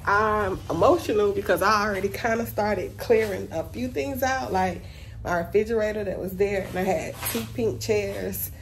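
A woman's voice: mid-range voice, normal speed. A woman hairstylist talking casually and emotionally to her vlog viewers from her salon, chatty and slangy, calling them y'all. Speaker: hairstylist and vlogger. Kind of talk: casual vlog talk to camera. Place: her salon shop, indoors. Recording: noticeable background noise.

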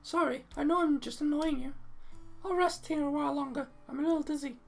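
A man voicing a timid, heartbroken young woman in a high, soft, meek and apologetic voice. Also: fairly quick, gravelly, soft background music. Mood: sad.

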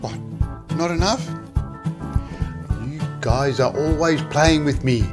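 An actor playing a cheerful single dad in a comedy sketch, talking in a lively, chatty way. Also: male voice, on the high side, slow pace. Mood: cheery. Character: cheerful single dad minding his kids. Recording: music playing under the voice.

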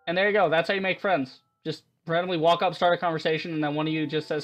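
Excitable, rambling man commenting on a game. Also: fairly high pitch, quick pace, hardly any pauses, faint music behind. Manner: excitable, rambling, laughs often. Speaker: let's-play host.

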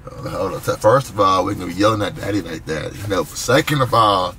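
Relaxed, slangy young dad vlogging. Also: male voice, low-pitched, fairly quick, slight background noise, low-quality recording. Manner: relaxed, slangy, playful teasing with his children. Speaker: vlogger and father. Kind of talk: casual vlog chat.

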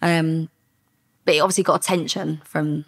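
A middle-aged woman, a former undercover police officer, telling lively stories in a podcast interview and acting out the dialogue. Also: low voice, normal speed. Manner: lively anecdotes with quoted dialogue, frequent laughs.

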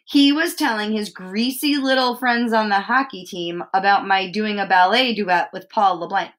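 A woman teacher reading a picture book aloud to children, expressive and stopping to ask them questions. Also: medium pitch.

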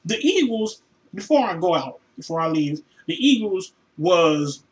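A man in his room ranting as a sports fan, profane and exasperated, sighing heavily and swinging between low mutters and sudden shouts. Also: sing-song, a little slow, rough recording. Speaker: vlogger reacting to a football loss. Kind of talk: angry fan rant.

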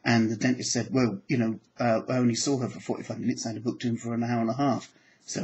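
A man's voice: mid-range voice, steady tone, fast talker, rough recording. Man telling stories in a hypnotic lilt. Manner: storytelling, acts out quoted dialogue, soft hypnotic phrasing. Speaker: psychology trainer and hypnotherapist. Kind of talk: anecdotal teaching talk.

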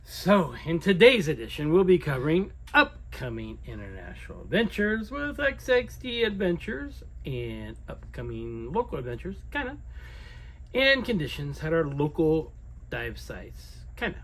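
A man's voice: a little high, sing-song, unhurried, a bit bright. A man co-hosting a dive shop video newsletter in a playful, casual way, tossing in jokey self-corrections. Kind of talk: casual promotional newsletter chat.

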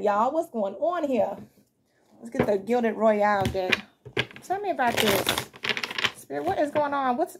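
A woman's voice: on the high side, slightly rough. A woman giving a casual, chatty tarot reading, thinking aloud as she turns cards, with easy laughs and the odd swear word. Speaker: tarot reader.

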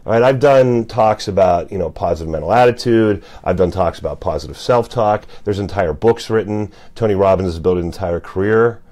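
A man's voice: low voice, brisk, hardly any pauses, warm tone. A man giving a casual motivational talk to camera, conversational and full of "you know" and "uh" fillers. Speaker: motivational speaker.

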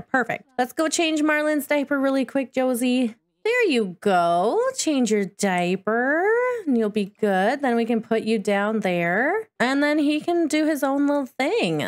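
Chatty woman narrating her gameplay. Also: on the high side. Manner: chatty, coos and talks to her game characters. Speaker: gaming video creator. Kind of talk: casual let's-play commentary.

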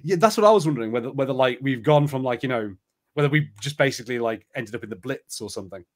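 A man's voice: medium pitch, expressive, fast. A man hosting a live play-along stream, chatty and rambling, reading an adventure book aloud. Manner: chatty, rambling, many fillers.

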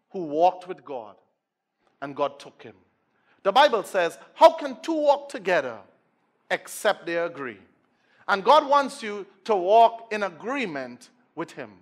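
A Trinidadian man preaching with a high, bright, ringing voice. He drops to near-whispers, then bursts into shouts, and mixes Scripture with jokes to the congregation. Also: a little slow. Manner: energetic, swings from hushed to shouting, joking with the crowd. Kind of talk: sermon.

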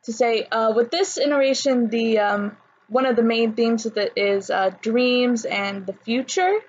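A woman's voice: a little high, unhurried, lo-fi sound. A woman talking casually in a vlog, chatty and full of fillers and restarts. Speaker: anime vlogger.

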